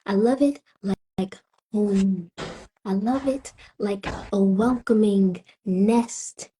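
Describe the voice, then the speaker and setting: A spoken word poet from Tampa, Florida, a woman with a Southern accent, delivering her lines in a slow, rhythmic way with weighty pauses. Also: mid-range voice, warm tone, a little hiss or hum. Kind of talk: spoken word poetry performance.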